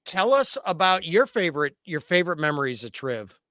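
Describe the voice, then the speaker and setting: A man co-hosting a talk show, introducing a guest in a hesitant, halting way. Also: on the high side, big pitch swings, sharp tone, dry recording, clean studio sound. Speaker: co-host. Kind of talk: casual talk show chat.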